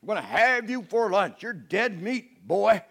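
A man's voice: sits high, sing-song, a little slow, gravelly, a bit bright, husky, voice pushed up, full character voice. A man voicing a boastful, menacing giant warrior who taunts and bellows his threats. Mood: taunting.

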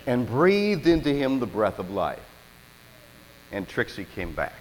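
A man preaching a sermon as pastor, telling stories with animated, dramatic delivery. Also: medium pitch, measured pace, long reverb tail, a little hiss or hum, low-quality recording.

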